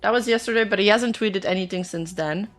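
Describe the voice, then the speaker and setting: A woman's voice: medium pitch, a little fast, faint music behind. A woman streamer chatting casually as she reacts to news, laughing often and speaking bluntly. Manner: laughs often, counts under her breath, blunt and sweary. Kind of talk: casual live-stream chat.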